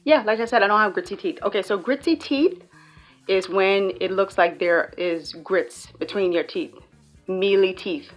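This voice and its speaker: A woman's voice: mid-range voice, moderate pace, faint music behind. A young woman with a Bahamian accent, explaining slang in a playful, joking vlog. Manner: playful, joking, animated storytelling. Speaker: YouTuber.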